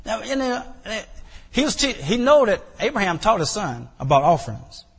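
High-voiced preacher man in a reverberant hall. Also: sing-song, moderate pace, slightly rough. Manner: preaching with rising emphatic bursts and repeated phrases. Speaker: pastor. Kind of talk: sermon.

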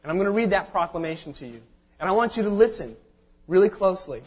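A man's voice: high voice, lively intonation, quick pace, husky. A man preaching a sermon as a pastor. He tells the story in a conversational way and often checks in with the congregation by asking "okay?".

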